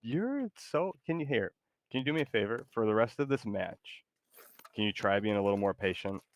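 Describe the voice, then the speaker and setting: Hesitant low-voiced streamer man. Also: lively intonation, normal speed, highs cut off. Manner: hesitant, trailing off with fillers and laughs. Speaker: game streamer. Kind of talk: casual gaming chat.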